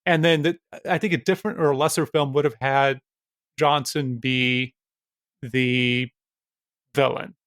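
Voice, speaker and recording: A man co-hosting a casual film podcast, often pausing on filler words and restarting his sentences. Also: mid-range voice, fairly even intonation, fairly bright tone, no echo, studio quality. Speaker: podcast co-host.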